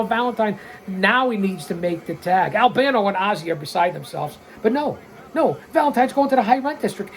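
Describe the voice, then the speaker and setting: A man's voice: sits high, fairly quick, gravelly. Man in his sixties, watch-along host, rowdy cussing play-by-play, faint noise behind. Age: 60s. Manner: excitable, blunt and profane, calls out mistakes. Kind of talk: wrestling watch-along commentary.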